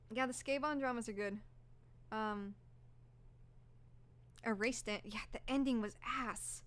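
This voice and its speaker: Her voice is on the high side and a bit hoarse, delivered at normal speed with no echo. This young streamer chats casually on her live stream, gushing and rambling with plenty of fillers.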